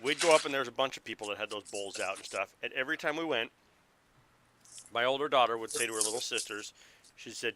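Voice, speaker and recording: A man's voice: mid-range voice, quick pace, pauses often. A man in his thirties from Montana, chatting casually at a tabletop game and telling a story about his kids. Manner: storytelling, animated when quoting. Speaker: game master.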